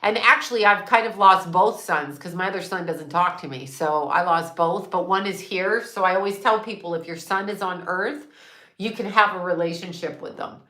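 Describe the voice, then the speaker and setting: Woman host, 60s, bright and forceful, candid and salty, livestream chat in an echoey room. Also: on the low side, moderate pace. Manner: candid, swears freely, laughs often. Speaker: psychic and astrologer livestream host. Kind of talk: casual livestream chat reading comments.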